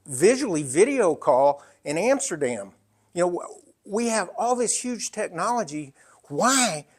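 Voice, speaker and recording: Animated older man with a fairly high voice. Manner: animated, conversational, with frequent asides and restarts. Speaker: entrepreneur giving a talk. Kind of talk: storytelling business talk.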